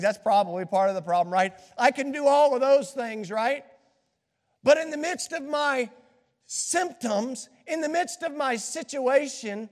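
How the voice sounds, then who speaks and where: Male pastor with a high voice, under the weather, preaching hard in a big echoing sanctuary. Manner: impassioned preaching, swings from hushed to shouting. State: scratchy throat from a cold. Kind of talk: sermon. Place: church sanctuary. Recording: long reverb of a large hall.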